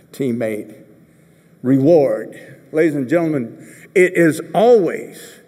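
A man giving a commencement speech as a string of anecdotes, with joking asides and acted-out voices. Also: sits high. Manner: animated storyteller, jokey asides, acts out quoted voices. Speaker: commencement speaker. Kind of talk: commencement speech told through rambling anecdotes. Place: large ceremony venue. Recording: long reverb of a big hall.

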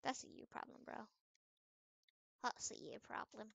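A young woman giving casual commentary over a game she is playing, swinging between loud trash talk and quiet mumbled asides. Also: moderate pace, no echo. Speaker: gaming video creator.

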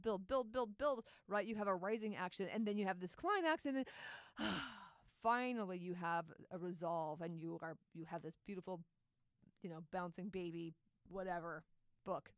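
A woman hosting a solo podcast as a writing teacher, talking in a chatty, animated way with frequent laughs and asides. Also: mid-range voice, smooth, no echo, clean studio sound. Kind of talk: casual solo podcast talk.

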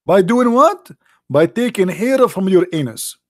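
A man's voice: sits high, very animated, unhurried, no echo, studio quality. A man hosting a livestream who mocks and taunts his viewers in a sarcastic way, often laughing and reading their chat comments aloud. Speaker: livestream host.

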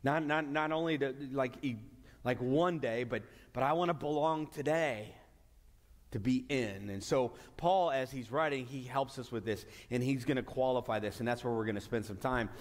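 A man's voice: mid-range voice, normal speed. A man preaching a sermon as pastor, earnest, often restarting and stretching out key words for emphasis. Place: church sanctuary. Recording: long hall reverb.

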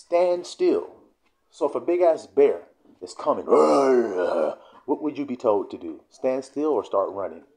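Animated man teaching scripture in slang. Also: on the low side. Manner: reads verses slowly, then explains in blunt profane slang. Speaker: Bible teacher. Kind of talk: casual scripture teaching video.

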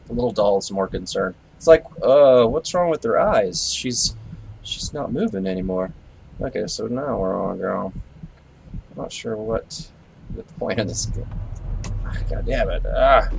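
A man's voice: mid-range voice, big pitch swings, measured pace, gravelly, a little hiss or hum. A young man giving live commentary on a horror game, jumpy, swearing and scolding the characters on screen. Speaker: let's play gamer.

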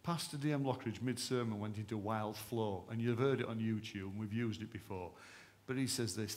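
A man's voice: lowish voice, brisk, a little mellow. A man preaching a sermon in a church service, with impassioned, rhythmic repetition. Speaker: pastor.

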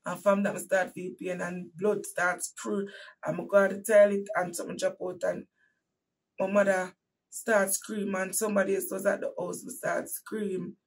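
A woman with a Jamaican accent and a husky voice preaching to her listeners as she tells a painful personal story with emphatic repetition, swinging from hushed to loud. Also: mid-range voice, little pitch movement, normal speed, distant mic, rough recording. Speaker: host and preacher.

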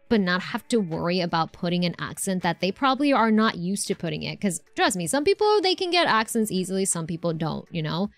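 A woman's voice: medium pitch, dry recording. A woman live-streaming a game, chatting casually and answering her chat with lots of fillers and restarts.

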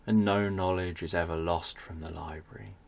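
A man narrating a bedtime story for adults, speaking in a soft, soothing way. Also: sits low, steady tone, normal speed, creaky.

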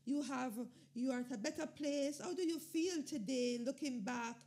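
High, gravelly-voiced woman host. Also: moderate pace. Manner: gentle, affirming. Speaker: podcast host. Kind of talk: interview questions.

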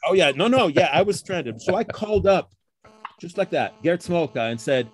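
A fairly high-pitched middle-aged man tells the story of his field in a casual interview. He talks in short, chatty bursts, tags his points with "okay?", and slips into quoted voices of colleagues. The sound is dry and close, with no room echo. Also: expressive, moderate pace, breathy edge, faint music behind. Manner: explains with frequent tag questions like okay and huh. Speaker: computer science professor, guest.

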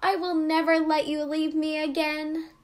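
A loving little girl from a storybook, voiced by a woman reader. She speaks in a raised, heartfelt child voice. Each line sounds earnest and clear. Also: high voice, level tone, a little slow, voice pushed up. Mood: tender.

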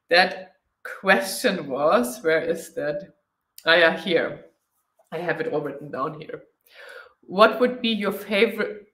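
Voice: medium pitch, sharp tone, reverberant. A travel vlogger with a German accent, chatting through a live Q&A, thinking aloud and laughing readily. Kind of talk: live Q&A chat.

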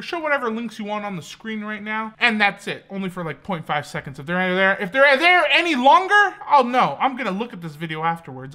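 A woman YouTuber joking through reaction commentary on photos, animated and laughing often. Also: mid-range voice.

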